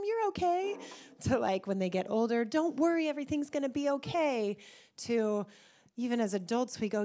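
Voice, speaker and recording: A tired woman sharing a casual devotional reflection, talking conversationally with light laughs between phrases and lively quoting. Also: medium pitch. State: tired, rough morning.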